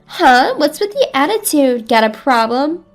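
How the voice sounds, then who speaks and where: A woman voicing a harsh, scolding middle-aged mother-in-law who taunts and makes excuses in a shrill voice. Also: very animated, a little slow, faint music behind. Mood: taunting.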